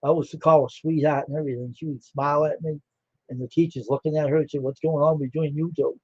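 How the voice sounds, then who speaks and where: A man's voice: on the high side, steady tone, fast, darkish tone, breathy edge, no echo, dull audio. An older man hosting a livestream, telling rambling stories in casual chat and acting out the dialogue. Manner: rambling, laughing, acts out quoted dialogue. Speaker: livestream host.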